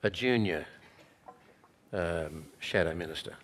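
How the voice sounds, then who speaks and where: A man, interviewing a guest on stage, asking measured, probing questions with frequent hesitations. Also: sits low, fairly bright tone. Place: stage at a talk venue.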